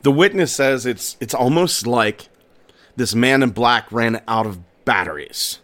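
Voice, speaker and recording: A man's voice: mid-range voice, animated, measured pace, a bit bright. A man hosting a strange-stories podcast, telling a tale in a casual way with personal asides. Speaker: podcast host. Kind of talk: casual storytelling narration.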